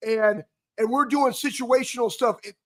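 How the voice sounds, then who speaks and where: A man co-hosting a sports talk show, telling a rambling, animated story about his playing days with many restarts. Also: extremely high pitch, normal speed. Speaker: co-host, former football player.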